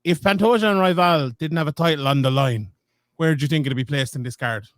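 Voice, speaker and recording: Brief: man, fairly high voice, dry close sound, casual podcast analyst who reasons aloud. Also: brisk, no room sound. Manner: thoughtful, restarts and hedges as he reasons aloud. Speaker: podcast co-host. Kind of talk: casual sports analysis chat.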